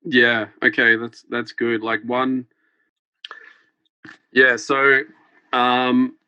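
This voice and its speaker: A man's voice: medium pitch, little pitch movement, extremely slow, sharp tone, clear, resonant tone, no echo. A young man telling a story as a podcast guest, rambling with lots of fillers and light laughter. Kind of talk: casual storytelling. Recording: dull lo-fi podcast sound.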